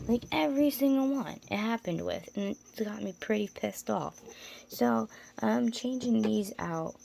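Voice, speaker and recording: A chatty woman vlogger at home among her spider enclosures, her voice mid-pitched with a gravelly, fried edge. She rambles and restarts while talking to camera. Faint insect chirps sit behind her. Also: a little mellow, slight background noise. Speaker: tarantula keeper vlogger. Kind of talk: casual chat to camera.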